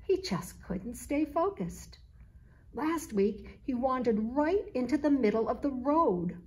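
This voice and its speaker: A woman reading her own children's picture book aloud at an unhurried pace, slow and clear. Her voice sits a little high and stays gentle in its storytelling. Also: expressive.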